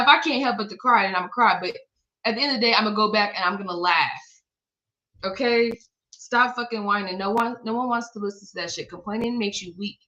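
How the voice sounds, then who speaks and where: A woman reads cards in a casual, blunt way, swearing freely and laughing at herself. Her voice sits at an ordinary middle pitch. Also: moderate pace, sharp tone, rough recording. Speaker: tarot reader. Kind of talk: casual spiritual card reading.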